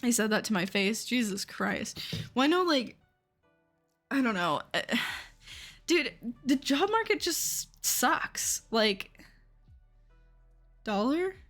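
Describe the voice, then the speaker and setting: A woman's voice: on the high side, sing-song, slow, fairly bright tone, faint music behind. Frank young woman streamer from Seattle. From Seattle, USA. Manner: frank, exasperated, swears and laughs often. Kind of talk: casual live-stream chat.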